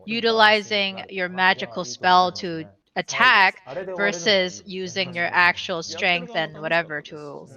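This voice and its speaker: A woman's voice: fairly low pitch, fairly even intonation, a little slow, pushed and bright, soft background music, poor audio. A woman playing a tabletop game with friends, questioning the rules and talking through her moves. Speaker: player. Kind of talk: casual tabletop play.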